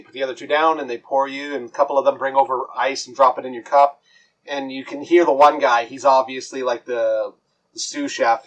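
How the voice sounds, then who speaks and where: A man's voice: medium pitch, rough recording. A man narrating as game master, rambling with lots of fillers and restarts.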